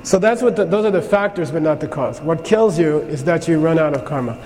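A man's voice: fairly high pitch, lively intonation, a little fast, darkish tone, a little hiss or hum. A man teaching a Buddhist class, telling stories in a conversational way and often checking in with his students. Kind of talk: classroom lecture with anecdotes. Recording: long hall reverb, faint ambience.

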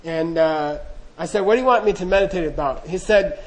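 Speaking fairly quickly in a slightly high voice, a middle-aged man recounts his monastery training to an audience. The story is funny and self-deprecating, told loosely with the dialogue acted out. The audio is poor.

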